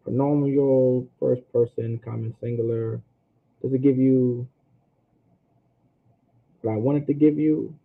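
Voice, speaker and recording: A man teaches a language class in a relaxed, repetitive way, slowly sounding out words for his students. His voice sits at an ordinary pitch and comes through a narrow, tinny line like a phone call. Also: vocal fry.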